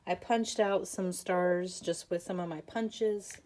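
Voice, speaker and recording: A woman's voice: on the low side, steady tone, slow pace, a little mellow. A woman hosting a casual papercraft tutorial, chatty and self-deprecating, with lots of fillers, and tired and yawning. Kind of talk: casual craft tutorial chat.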